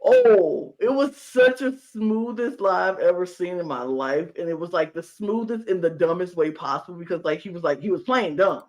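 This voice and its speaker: A woman's voice: fairly low pitch, normal speed, few pauses. A woman co-hosting a casual reality-show podcast, retelling scenes and acting out the people in them. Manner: animated storyteller acting out quotes in put-on voices. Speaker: podcast co-host. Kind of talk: casual recap chat.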